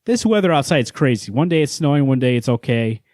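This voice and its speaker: Man, podcast co-host, joking and rambling, medium pitch, dry close sound. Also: big pitch swings, fast, darkish tone, no room sound. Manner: playful, tells rambling joke stories. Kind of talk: casual chat.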